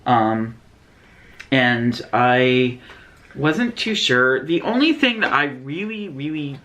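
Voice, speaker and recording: An easygoing woman hosting a beauty unboxing video. Her voice sits remarkably low and swings up and down with lively intonation. She keeps things chatty and unhurried. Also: lo-fi sound. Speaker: beauty vlogger host. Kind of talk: casual unboxing chat.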